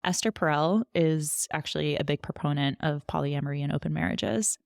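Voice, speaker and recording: A woman's voice: deep voice, a little fast, gravelly, no room sound, clean studio sound. A woman co-hosting a podcast in casual chat, chatty with many fillers and frequent laughs. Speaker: podcast co-host.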